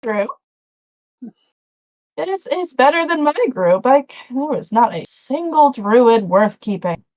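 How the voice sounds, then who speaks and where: A woman's voice: fairly high pitch, animated, slow pace, darkish tone, dry recording. A woman voicing a friendly, motherly dwarven woman cook who fusses over her guests, in a tabletop game. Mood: reassuring. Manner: fussing, reassuring, shooing people along.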